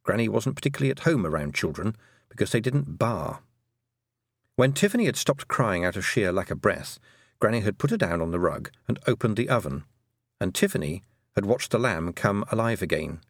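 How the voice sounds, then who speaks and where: Lively low-voiced male storyteller. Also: creaky, no echo, studio quality. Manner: gently wry, unhurried storytelling. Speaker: narrator. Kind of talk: audiobook narration.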